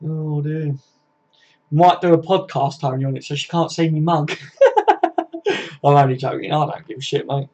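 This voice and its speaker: A man's voice: a little high, fairly even intonation, fast, few pauses, darkish tone, slightly rough. A man, hosting a casual live stream and reading out viewer comments in a chatty, matey way, swearing freely. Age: 40s. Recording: dull lo-fi stream audio.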